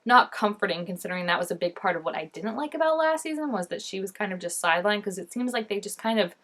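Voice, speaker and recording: Young woman vlogger, mid-pitched, talkative, expressive reactions, playful over-the-top outbursts. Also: fast. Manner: chatty and expressive, lots of fillers and laughs; mock-dramatic exclamations at the screen. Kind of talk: casual reaction commentary.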